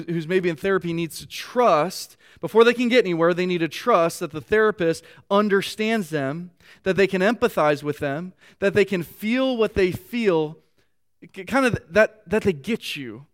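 High-voiced earnest male pastor preaching. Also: clear, resonant tone. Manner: earnest, repeats words while reaching for thoughts; reads scripture aloud with feeling. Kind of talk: sermon.

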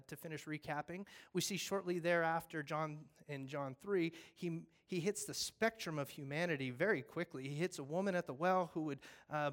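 A male pastor preaching a casual, conversational sermon that recaps scripture and jokes along the way. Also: a little high. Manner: animated storytelling, acting out voices; conversational, jokey asides.

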